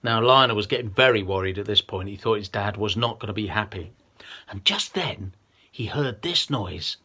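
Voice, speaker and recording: A man's voice: on the low side, lively intonation, normal speed, pushed and bright, breathy edge. A man telling a children's story with a lion puppet, in a playful, coaxing way.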